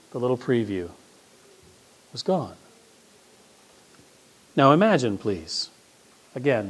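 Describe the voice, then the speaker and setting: A middle-aged man preaching a sermon as pastor, swinging between loud emphasis and hushed, quiet asides. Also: mid-range voice, husky.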